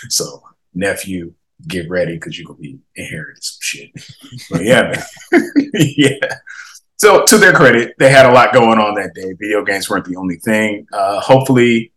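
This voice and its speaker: Animated, slangy man hosting a gaming podcast. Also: on the low side, moderate pace, poor audio. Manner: animated, laughing, slangy reactions to viewer comments. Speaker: podcast host. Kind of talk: casual gaming podcast chat.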